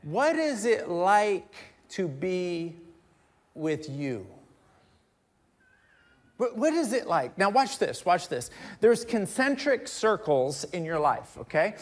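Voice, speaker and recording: A middle-aged male pastor preaching a conversational sermon, joking with the crowd and swinging between quiet asides and loud emphatic bursts. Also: high-pitched, very animated, slow pace. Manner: conversational, jokes with the congregation.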